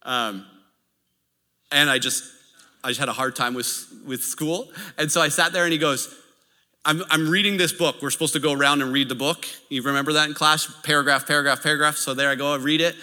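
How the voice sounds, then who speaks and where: Male pastor, animated storytelling sermon, bright tone, long hall reverb. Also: fairly high pitch, fairly quick. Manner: animated, anecdotal preaching with laughs.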